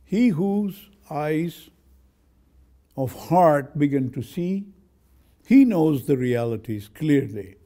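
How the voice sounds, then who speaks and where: Mellow-voiced older man lecturing. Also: a little high, expressive, slow pace, pauses often. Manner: storytelling, reciting Persian verse then translating. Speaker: professor. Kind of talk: university lecture on poetry.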